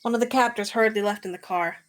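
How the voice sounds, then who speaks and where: A woman reading visual-novel narration aloud at a middling pitch. Her delivery is steady and matter-of-fact, even through tense passages. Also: quick pace.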